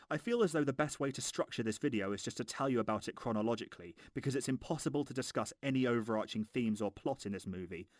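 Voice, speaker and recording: A man's voice: fairly low pitch, no room sound, clean studio sound. A man with a posh Home Counties English accent, narrating a sarcastic, sweary film review.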